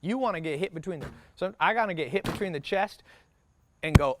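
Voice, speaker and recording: A man's voice: fairly high pitch, expressive, fairly bright tone, dry recording. A man giving a motivational business workshop talk, brash and profane, speaking in punchy short sentences and acting out the people he quotes. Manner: acts out quoted people in quick asides. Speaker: business mentor.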